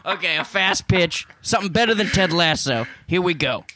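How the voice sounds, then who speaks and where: An actor playing a dream-stalking slasher as a goofy guest, rambling through improvised pitches and laughing at his own ideas. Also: animated, moderate pace, sharp tone, a little hiss or hum. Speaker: guest in character. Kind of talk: improvised comedy interview.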